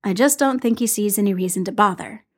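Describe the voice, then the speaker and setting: A calm, dry-humored man, read by a woman in her own voice, steady and measured. He speaks in even, understated phrases with a quiet fondness underneath. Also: mid-range voice, breathy edge, lightly acted.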